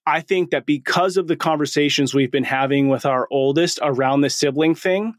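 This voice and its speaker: A man's voice: a little high, normal speed, no room sound, studio quality. A man in his forties hosting a podcast, talking in a casual, slangy and enthusiastic way. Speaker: podcast host.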